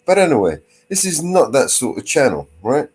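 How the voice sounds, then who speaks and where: A man hosting a casual livestream, full of crude teasing and swearing. His voice sits at an ordinary, middle pitch. He talks loosely and mocks people in the chat. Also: sing-song, normal speed, a little mellow, slightly rough. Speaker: livestream host.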